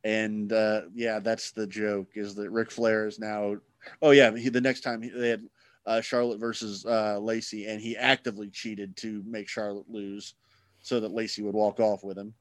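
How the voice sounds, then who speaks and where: A man's voice: lowish voice, flat delivery, moderate pace, no echo. A man hosting a casual podcast chat, rambling and sarcastic, swearing freely.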